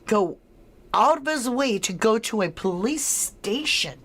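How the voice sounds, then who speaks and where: Slow, chatty woman hosting a livestream. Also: a little high, lively intonation, fairly bright tone. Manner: chatty and unhurried, laughs often, drawn-out words. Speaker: livestream host. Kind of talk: live-stream chat, reading comments and running a poll.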